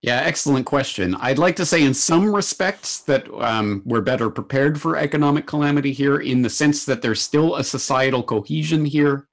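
A male guest in a casual talk, explaining things in a measured, analytical way. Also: medium pitch. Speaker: guest commentator. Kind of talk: casual chat. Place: Japan.

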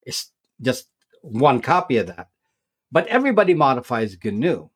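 Halting man explaining tech. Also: medium pitch, big pitch swings, husky. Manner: halting, many repeats and restarts. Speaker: tech video creator as guest. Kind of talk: casual explanatory interview talk.

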